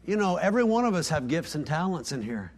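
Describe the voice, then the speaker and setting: Male pastor preaching, high voice, hushed emphatic asides, acted-out quotes. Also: sing-song, quick pace. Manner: preaching, dropping to soft near-whispers on key lines; voices quoted dialogue with rising pitch. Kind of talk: sermon.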